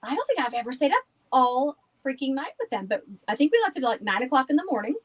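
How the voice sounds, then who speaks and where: Chatty woman, higher voice, rambling. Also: big pitch swings, fast talker, low-quality recording. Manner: chatty, rambling, laughs often. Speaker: guest, haunted house owner. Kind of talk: casual podcast chat.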